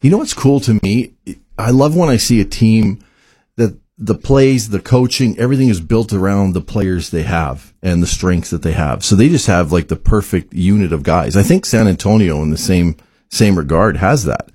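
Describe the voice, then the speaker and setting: A man in casual sports chat, animated and quick to laugh. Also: sits low, husky, dry recording, clean studio sound. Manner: animated, laughs easily, acts out players' voices.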